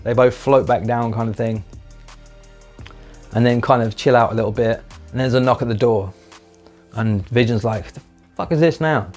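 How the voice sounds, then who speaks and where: A man's voice: medium pitch, steady tone, moderate pace, long pauses, darkish tone, soft background music. A man giving a chatty, enthusiastic spoken review, swearing casually and briefly acting out lines in put-on voices. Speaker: video reviewer.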